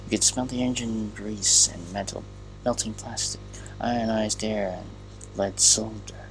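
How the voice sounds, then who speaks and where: A man's voice: fairly low pitch, steady tone, measured pace, over music, low-quality recording. A man playing a game and reading its text aloud in a casual way, often stumbling and restarting words. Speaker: gamer.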